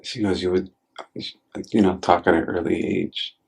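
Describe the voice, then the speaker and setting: A man's voice: low voice, fairly even intonation, normal speed, gravelly, a little mellow, breathy edge. A man hosting a podcast in a casual chat. He tells stories with many fillers and swears now and then, and acts out quotes in a raised voice. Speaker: podcast host.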